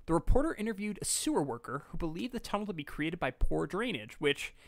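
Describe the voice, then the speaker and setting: A man's voice: on the high side, big pitch swings, fast, creaky, no echo, studio quality. A man hosting a casual podcast, rambling and joking with asides that trail off. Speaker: podcast host.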